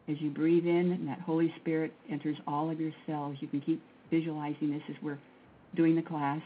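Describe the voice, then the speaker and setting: A woman leading a guided breathing and mantra prayer session in a slow, measured way, counting aloud. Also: sits low, flat delivery. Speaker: prayer and meditation leader. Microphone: phone line. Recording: tinny phone line with faint noise.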